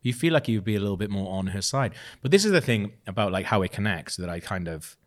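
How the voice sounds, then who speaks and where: A man from Wales, co-hosting a casual film podcast in a rambling, animated way. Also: fairly low pitch, quick pace. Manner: rambling, animated, with many restarts. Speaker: podcast co-host.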